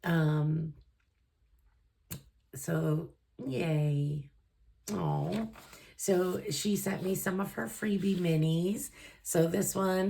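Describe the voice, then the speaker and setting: A woman's voice: on the low side, drawn-out words, mellow. A woman budgeting vlogger chatting casually to camera, gushing and emotional, with a lot of fillers. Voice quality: gravelly, creaky voice.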